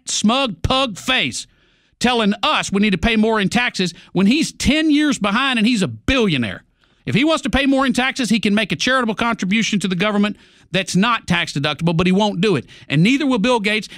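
Male radio host, combative ranter, high pitch, dry close sound. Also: fairly bright tone, no room sound. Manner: angry, sarcastic, combative. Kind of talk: political rant.

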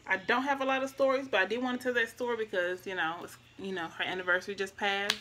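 A woman, telling a personal story in a casual, soft-spoken and reflective way, speaking straight to her viewers. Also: medium pitch, steady tone, fast, background noise. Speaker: vlogger.

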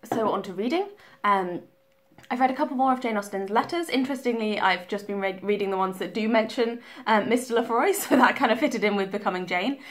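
A woman's voice: medium pitch, brisk. A young woman talking casually about her reading, chatty and full of ums and restarts. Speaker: book vlogger.

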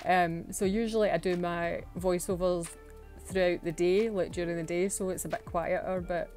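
A woman's voice: lowish voice, fairly even intonation, normal speed, darkish tone, faint music behind. A Scottish woman chatting through a home voice-over for her nail art videos, self-mocking and laughing often. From Scotland. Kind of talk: casual voice-over narration.

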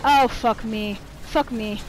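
A woman playing a horror video game, swearing and yelling in loud panicky outbursts, then muttering in a low voice as she reads notes aloud. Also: slow. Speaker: gamer. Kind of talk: let's play commentary.

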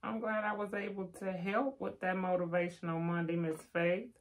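A woman's voice: lowish voice, little pitch movement, normal speed. An older woman, chatting casually on a live stream and reading out viewer names with teasing asides. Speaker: vlogger giving live shout-outs.

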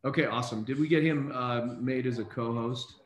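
A man hosting a casual online call, reading out names in an upbeat, brisk way. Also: medium pitch, echoey room, slight background noise. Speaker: host.

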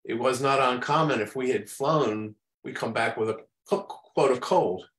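A man's voice: mid-range voice, moderate pace, fairly bright tone. A man, a doctor guest on a podcast, chatting in an easygoing, agreeable way. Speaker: cardiologist guest. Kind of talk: conversational podcast talk. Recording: echoey room sound.

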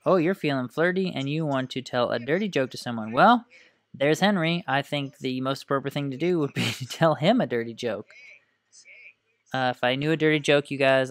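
A YouTuber chats through a life-simulation game in casual, upbeat commentary, thinking aloud with fillers and small laughs. The voice is smooth and clear, sitting in the middle of its range. It is recorded dry on a close desk microphone. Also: mid-range voice, a bit bright, dry recording. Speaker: gaming YouTuber.

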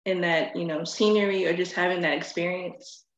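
A woman's voice: fairly low pitch, fairly even intonation, fairly quick, reverberant, dull audio, slight background noise. A woman interviewing an actress, asking friendly questions and backing her up with listening sounds. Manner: encouraging, lots of listening sounds. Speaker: entertainment interviewer. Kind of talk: casual interview.

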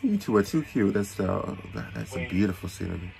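A man hosting a reaction video, talking in a sassy, expressive way and exclaiming loudly at the clips. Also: fairly low pitch, fairly quick, creaky, over music. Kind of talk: casual reaction commentary.

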